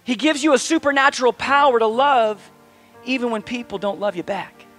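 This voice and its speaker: A man's voice: very high voice, moderate pace, fairly bright tone, soft background music. A male pastor preaching a sermon in a conversational, emphatic way, asking his listeners questions.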